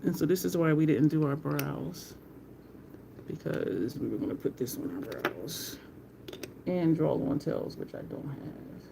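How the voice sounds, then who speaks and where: With a low-pitched, creaky voice and an unhurried delivery, a middle-aged woman does her makeup live for viewers. She's talkative, laughs frequently and greets people by name, all against a noisy background.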